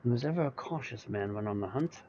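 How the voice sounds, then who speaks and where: A man voicing a pompous, bumbling gentleman inspector with grandiose, old-fashioned speech, reading game dialogue aloud. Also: medium pitch, lively intonation, fast, highs cut off, slight background noise, natural voice. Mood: earnest.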